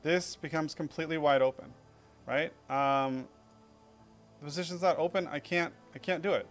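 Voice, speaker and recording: A man's voice: fairly high pitch, steady tone, normal speed, soft background music. A young man casually reviewing his own chess game in a rambling, self-critical way, full of fillers.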